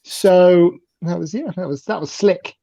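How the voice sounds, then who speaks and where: A man's voice: sits high, a little slow, creaky, warm tone, no room sound. A man chatting as a comedian on a panel show, hesitant and full of ums. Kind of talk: casual comedy panel chat. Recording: dull dry lo-fi mic.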